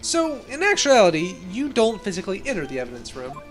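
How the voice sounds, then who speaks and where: A woman's voice: mid-range voice, huge pitch swings, fairly quick, over music. A woman voicing an earnest young male defense lawyer, asking pointed questions in a fan reading of a game. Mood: probing.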